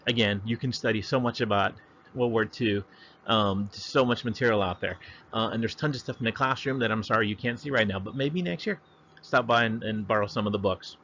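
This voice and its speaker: A man teaching history in a relaxed, chatty home lesson, with plenty of fillers. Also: on the low side, brisk, muffled recording, a little hiss or hum.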